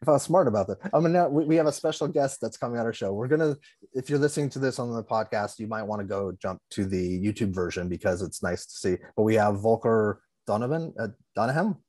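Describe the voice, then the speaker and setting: A man's voice: fairly low pitch, quick pace, warm tone. A man hosting a podcast in casual chat, upbeat and loose, with many restarts. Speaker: podcast host.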